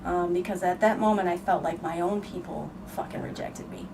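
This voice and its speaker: A woman's voice: lowish voice, brisk, vocal fry. A woman podcast host talking candidly and emotionally about her own experience, frank and earnest, with some swearing. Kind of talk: candid conversational storytelling. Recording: distant mic with noticeable background noise.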